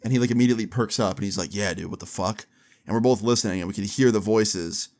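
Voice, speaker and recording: Young man telling a casual storytime. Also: on the low side. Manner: animated, quotes people in quick bursts, casual slang and swearing. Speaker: storyteller vlogger.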